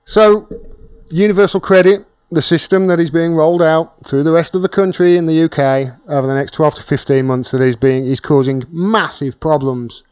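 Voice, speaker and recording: A man's voice: mid-range voice, smooth, dry recording, muffled recording. A British man hosting a casual live-stream Q&A, chatting and thanking viewers by name as he reads their comments.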